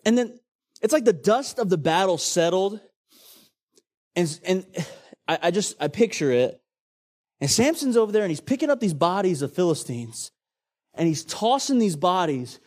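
Preacher, male, high voice, dramatic storyteller from the pulpit. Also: sing-song, normal speed, long pauses, a little mellow. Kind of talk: sermon.

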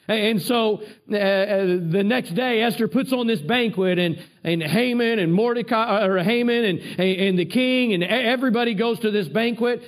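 A man preaching a sermon, retelling a Bible story with animated asides and repeated words. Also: high-pitched, moderate pace.

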